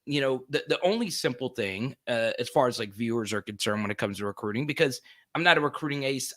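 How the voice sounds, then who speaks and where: A man co-hosting a sports talk show, talking in an upbeat, quick way with frequent restarts. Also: medium pitch, fairly bright tone, no echo, clean studio sound.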